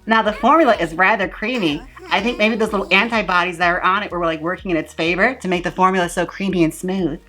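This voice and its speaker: A woman's voice: lowish voice, steady tone, fast, few pauses, a bit bright, faint music behind. A woman hosting a comedic makeup review vlog in a playful, mock-dramatic, gushing way. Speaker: beauty vlogger.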